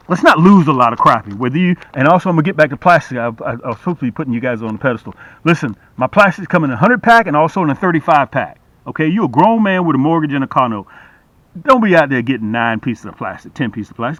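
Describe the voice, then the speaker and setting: A middle-aged man casually demonstrating and selling fishing hooks to the camera, talking in a repetitive, lively salesman patter and calling viewers "guys". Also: mid-range voice, dry recording, dull audio. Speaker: fishing gear seller and channel host. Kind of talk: casual product demo to camera.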